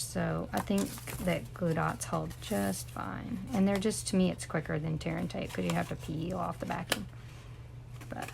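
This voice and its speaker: Chatty woman with a gravelly voice. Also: lowish voice, noisy background. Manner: chatty, rambling, with fillers and asides to viewers. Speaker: crafting instructor. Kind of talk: casual live crafting tutorial.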